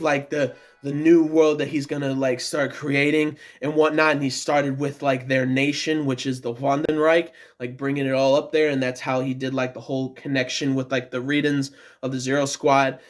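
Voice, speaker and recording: A man reviewing an anime episode in a casual, rambling, excited monologue. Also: medium pitch. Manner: rambling, many fillers and restarts, excited. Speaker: anime reaction vlogger.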